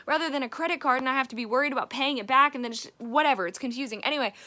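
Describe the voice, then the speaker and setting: Young woman, daily vlogger, chatty and rambling, bright clear tone. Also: sits high, very fast. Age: young adult. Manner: rambling, chatty, rising to exasperated rants. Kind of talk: casual daily vlog chat.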